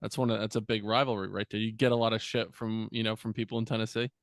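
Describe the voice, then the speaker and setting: A man's voice: fairly low pitch, little pitch movement, quick pace, no echo, studio quality. A man from New Jersey hosting a podcast, talking in an upbeat, chummy and loose casual interview style. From Central New Jersey. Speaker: podcast host.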